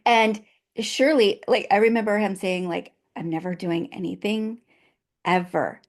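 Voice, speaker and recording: A woman hosting a podcast who tells personal stories in a lively, chatty way and keeps up a stream of encouraging agreement. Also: mid-range voice, moderate pace. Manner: lively personal storytelling, frequent agreeing interjections. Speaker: podcast host. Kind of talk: casual podcast conversation.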